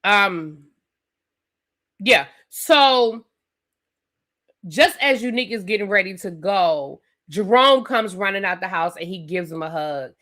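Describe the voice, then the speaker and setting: A woman hosting a live TV review stream, recapping an episode in a chatty, animated way with lots of fillers and asides. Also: mid-range voice, slow, pauses often. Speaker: TV review channel host.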